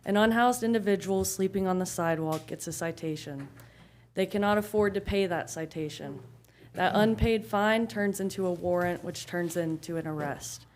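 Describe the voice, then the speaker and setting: A young woman reads her prepared remarks at a public meeting in a steady, measured voice. Her pitch sits on the low side for a woman. A faint background hum runs underneath. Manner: steady, measured, read-out delivery. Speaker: public commenter. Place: council chamber.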